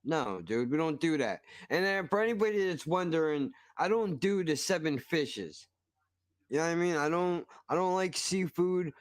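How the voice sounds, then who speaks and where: Smooth-voiced man ranting with profanity. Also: a little high, animated, normal speed, no room sound, studio quality. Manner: profane, ranting, mock-outraged. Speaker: stream host reacting to a video. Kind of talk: casual reaction commentary.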